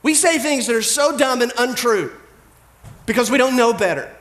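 A pastor delivers a sermon in a relaxed, conversational way, breaking into quick impressions of the people in his stories. His voice sits fairly high for a man. His tone stays humorous and direct. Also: echoey room.

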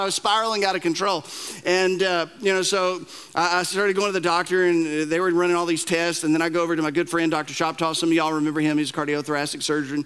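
A male pastor delivers a sermon in a loose, storytelling way, joking at his own expense. He stumbles into his sentences, repeating the first words before he finds his point. His voice sits high and sounds bright and forward. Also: fairly even intonation, clean tone. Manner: conversational storytelling with self-deprecating humor; halting, repeats words when starting sentences.

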